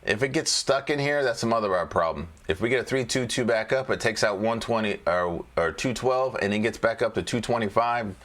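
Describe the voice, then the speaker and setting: A man's voice: lowish voice, fairly quick, few pauses, fairly bright tone. A man casually walking through stock charts as a trading educator, joking and repeating phrases as he goes.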